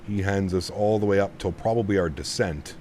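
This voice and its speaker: A man's voice: sits low, fairly quick, darkish tone, a little hiss or hum. A man streaming a flight simulator, chatting casually with his viewers and cooing at his dog. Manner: chatty, reads chat aloud, coos at his dog. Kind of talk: casual live-stream chat.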